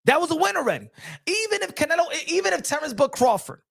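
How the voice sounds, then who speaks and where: A man's voice: very high-pitched, sing-song, quick pace, vocal fry, fairly bright tone, no echo, studio quality. A man hosting a boxing channel, talking in a casual, rambling monologue full of slang, restarts and emphatic repetition.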